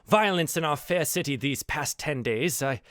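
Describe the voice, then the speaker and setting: A man's voice: a little high, animated, normal speed, fairly bright tone, no echo, clean studio sound. A man voicing a flamboyant male wizard and chronicler who boasts and chuckles as he asks for help. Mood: grandiose. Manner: grandiose, chuckling showman.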